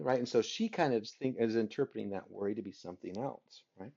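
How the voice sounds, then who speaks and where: A man's voice: on the low side, a little fast, vocal fry, few pauses, warm tone, husky. Man lecturing on literature, dull lo-fi sound. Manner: keeps asking the listeners rhetorical "right?" questions. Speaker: literature teacher. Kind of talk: recorded class lecture. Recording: dull lo-fi recording.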